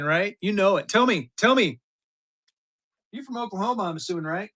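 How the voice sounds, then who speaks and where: A man in his fifties, from Colorado, hosting a live-stream auction and chatting excitedly with his viewers, cursing now and then. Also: high-pitched, brisk. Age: 50s. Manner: excitable, chatty, mild cursing, hypes items to chat. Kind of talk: casual live-stream selling.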